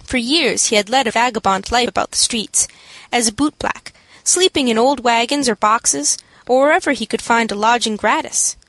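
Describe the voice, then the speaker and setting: A woman narrating an audiobook in a steady, clear storytelling manner. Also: a little high, dry recording, poor audio.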